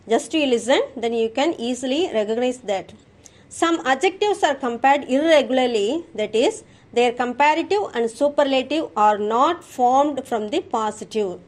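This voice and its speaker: A woman with an Indian English accent teaching a grammar lesson, slowly reciting word lists for the class. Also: high voice. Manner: slow, drilling recitation of word forms.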